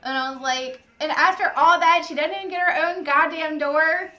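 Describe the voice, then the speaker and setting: Very high, bright-voiced chatty woman. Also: fairly even intonation, moderate pace, dull audio. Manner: gushing, chatty, lots of "like". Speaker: livestream host. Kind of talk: casual chat while eating.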